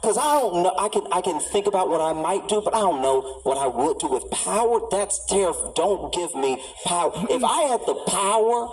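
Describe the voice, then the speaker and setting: A man's voice: sits high, animated, moderate pace, few pauses, darkish tone, far from the mic, low-quality recording. A man performing a stand-up comedy set, riffing through stories that build into exasperated rants.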